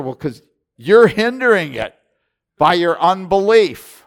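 An older male pastor in his sixties delivers a sermon with real passion. His voice sits fairly high for a man, and it surges into loud exhortation before dropping into hushed, intense asides. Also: animated, slow.

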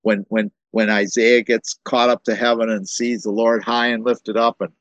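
A man gives an informal Bible teaching in a fairly low voice. He often repeats and restarts words while working through his thoughts. The recording is dry and close. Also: little pitch movement, moderate pace, fairly bright tone, no echo, muffled recording.

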